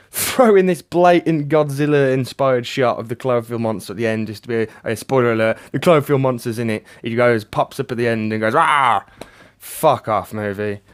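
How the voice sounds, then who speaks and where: A man giving a ranting, sardonic movie review, swearing a lot and swinging between flat mutters and loud outbursts. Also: mid-range voice, clean tone.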